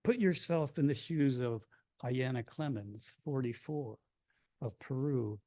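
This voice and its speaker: Reading before an audience, this Kentucky man recites his poems in a soft, measured way and livens up for chatty remarks in between. His pitch is mid-range, and the recording carries no room sound.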